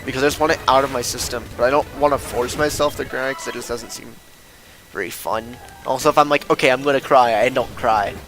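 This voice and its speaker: Brief: young male streamer, bright tone, meandering self-deprecating chatter that turns ranty, light game music under. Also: mid-range voice, fairly even intonation, fast talker, poor audio. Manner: rambling, self-deprecating, gets worked up and loud when ranting. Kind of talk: casual gameplay stream chatter.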